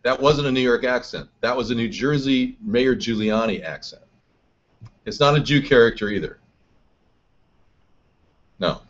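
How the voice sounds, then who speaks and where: A man's voice: mid-range voice, a little slow, long pauses. Combative man hosting a live chat show. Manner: reads and answers chat, combative. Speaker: host. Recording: dull lo-fi stream audio.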